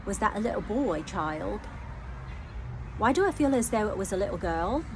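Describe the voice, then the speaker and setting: A woman's voice: medium pitch, lively intonation, moderate pace. Woman medium with a mid-range voice giving a hesitant, emotional channelling reading over faint noise. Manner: hesitant, repeats phrases, many fillers. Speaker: psychic medium. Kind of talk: live psychic channelling reading.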